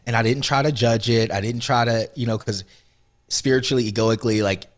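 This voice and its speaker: A man being interviewed as an author and speaker, telling a personal story earnestly and with emotion, often soft and then rising with conviction. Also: medium pitch, steady tone, brisk. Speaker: podcast guest, author and motivational speaker.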